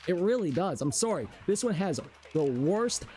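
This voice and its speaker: A man's voice: high voice, very animated, moderate pace, warm tone, a little hiss or hum. A male streamer cursing and ranting in frustration during a live gameplay stream.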